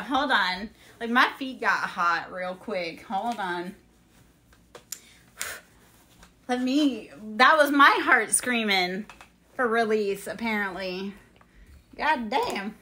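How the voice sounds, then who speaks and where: A woman's voice: on the high side, animated, bright, forceful tone, faint music behind. A woman leading a live-streamed energy healing session, guiding breaths in a soothing way and chatting with viewers, with blunt swearing. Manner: slow, soothing guidance mixed with blunt swearing.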